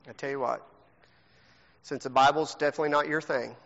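Male pastor, high and bright, joking game host; long church reverb, muffled audio. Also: a little fast, creaky, slight background noise. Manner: teasing, joking, animated. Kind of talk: playful game hosting to a congregation. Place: church sanctuary. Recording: long hall reverb, dull lo-fi sound.

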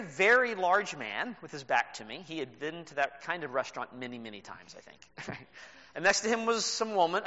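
A man preaching a sermon as pastor, telling a story with animated delivery and laughs. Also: fairly high pitch. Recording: reverberant hall, dull sound.

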